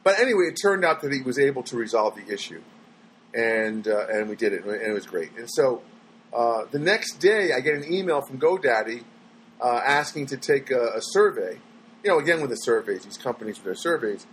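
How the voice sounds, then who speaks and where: A man with a mid-range voice speaks animatedly and a little fast, telling his viewers everyday stories in a rambling, exasperated monologue. He restarts often and mimics the people he quotes; the rough recording has a slight hiss or hum.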